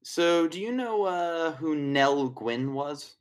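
A man's voice: a little high, expressive, slow pace. A man narrating a tabletop horror game as game master in a chatty, rambling way. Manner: chatty, rambling, with casual fillers and swearing.

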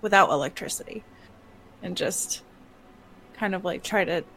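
A woman's voice: lowish voice, normal speed, fairly bright tone, a little hiss or hum. A woman playing in a tabletop game, describing her character's actions with hesitant fillers. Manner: hesitant, questioning. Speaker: player. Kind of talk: casual tabletop play.

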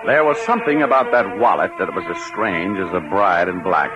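A wisecracking private eye. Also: male voice, sits low, expressive, a little fast. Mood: narrating. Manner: wisecracking, slangy. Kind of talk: 1940s radio acting. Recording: muffled old radio recording with music.

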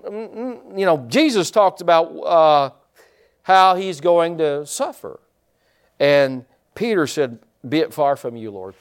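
Guy pastor preaching, voice kinda high and all over the place, laughs a lot, keeps asking the church right?. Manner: animated storytelling with laughs and repetitions; draws congregation responses with questions. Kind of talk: sermon.

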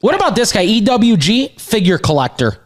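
A nasal-voiced man trades blunt, profane jokes in casual podcast chatter about betting picks. His pitch rolls up and down freely as he talks. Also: very animated, brisk, slight background noise. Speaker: sports betting co-host.

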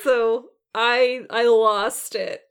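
A woman co-hosting a podcast, chatting casually in an animated, profane and laughing way. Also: fairly high pitch, very slow, clean tone. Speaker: podcast co-host. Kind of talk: casual chat.

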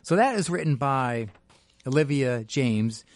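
A man's voice: mid-range voice, a little slow, no echo, studio quality. A man hosting a live radio talk show, chatty and jokey, reading a piece aloud and interviewing a guest. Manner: chatty, jokey, animated asides.

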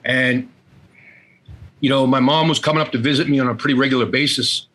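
A middle-aged man speaks with a husky, slightly breathy voice at a medium pitch. He talks as an interview guest, telling a personal story in a halting way, repeating words and acting out what his family said. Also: fairly even intonation, fairly bright tone, low-quality recording.

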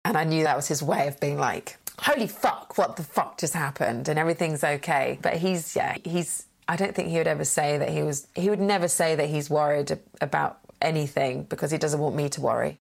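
Woman, thirties, low voice, frank and lively storyteller, casual chat. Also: gravelly. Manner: frank, animated, acts out quoted voices. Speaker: guest. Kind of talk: candid conversational storytelling.

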